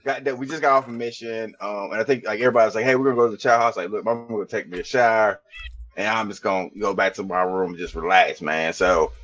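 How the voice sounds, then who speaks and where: A man's voice: on the low side, fairly even intonation, fast talker, fairly bright tone, highs cut off. A man guesting on a podcast, telling a barracks story in a laid-back, profane, drawling way. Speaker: podcast guest, army veteran. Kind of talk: casual storytelling chat.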